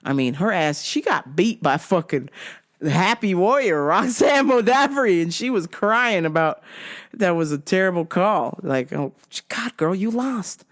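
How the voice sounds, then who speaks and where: A woman's voice: on the low side, animated, a little slow. A woman hosting a vlog, giving casual, profane, giggly commentary full of slang. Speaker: vlog host.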